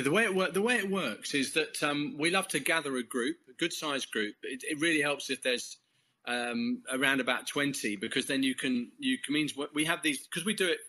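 A man's voice: medium pitch, moderate pace, bright, forceful tone. An English man talking as a guest, telling a faith story in a rambling, casual way, full of false starts and small laughs. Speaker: guest, Christian course leader. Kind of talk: casual testimony in conversation.

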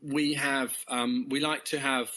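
An English man tells his story as an interview guest. His tone is bright and ringing, and he wanders through the telling, correcting himself and chuckling as he goes. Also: medium pitch, level tone, unhurried, rough recording. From England. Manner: rambling, self-correcting storyteller who chuckles often. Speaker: course leader.

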